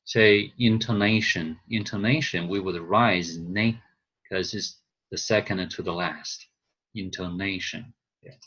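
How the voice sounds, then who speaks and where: A man whose first language is Chinese, teaching a class over a video call and explaining slowly with frequent pauses and fillers. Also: sits low, steady tone, a bit bright, highs cut off. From China. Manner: slow, hesitant, thinking aloud with fillers. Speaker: instructor.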